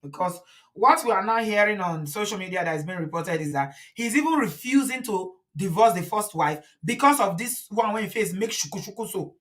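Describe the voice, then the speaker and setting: A woman's voice: mid-range voice, lively intonation, fairly quick, fairly bright tone. A woman in her forties with a Nigerian accent, giving outspoken, emphatic commentary as host of her own channel and slipping into Pidgin. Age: 40s. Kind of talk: opinionated commentary.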